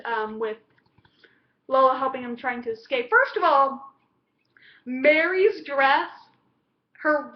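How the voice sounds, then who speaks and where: A woman's voice: high-pitched, highs cut off. A woman reviewing a TV episode in casual chat, rambling with lots of fillers and restarts.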